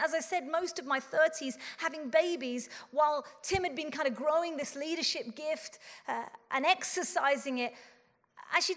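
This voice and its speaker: A woman's voice: high voice, fairly bright tone. A woman in her forties giving an earnest, self-deprecating and humorous conference talk. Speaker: conference speaker. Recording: long hall reverb.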